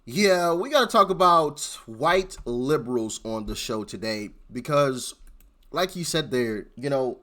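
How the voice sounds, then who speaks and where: A man's voice: medium pitch, animated, measured pace, a bit bright. A man hosting political commentary, speaking emphatically and often stuttering over repeated words. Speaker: host.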